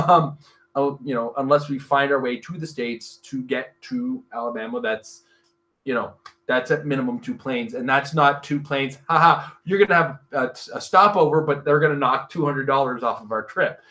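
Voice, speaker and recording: A Canadian man from Northern Ontario co-hosting a podcast, chatting casually with animated joking rants and frequent laughter. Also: mid-range voice, moderate pace. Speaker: podcast co-host. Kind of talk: casual chat.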